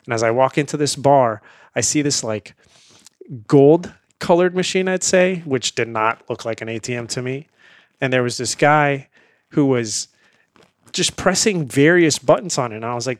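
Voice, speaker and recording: A man who grew up in India, a guest on an interview, telling a lively anecdote in a casual way and laughing often. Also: mid-range voice, normal speed, dry recording, clean studio sound.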